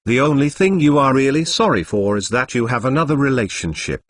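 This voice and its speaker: A man voicing a gentle young man who soothes his partner, in an even synthetic-sounding read. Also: medium pitch, brisk, lightly acted. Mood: soothing.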